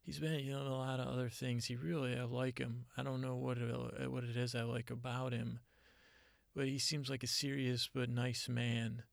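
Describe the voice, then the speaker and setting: A man telling a rambling comic story in a halting, deadpan way, often repeating himself. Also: mid-range voice, creaky, no room sound, studio quality.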